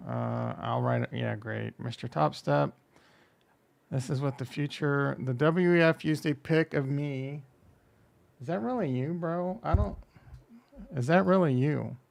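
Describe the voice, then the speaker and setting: A man with a mid-range, creaky voice speaks a little slowly while hosting a casual crypto livestream. He rambles and jokes, often at his own expense, reads chat aloud and reacts to it, and runs through coin prices.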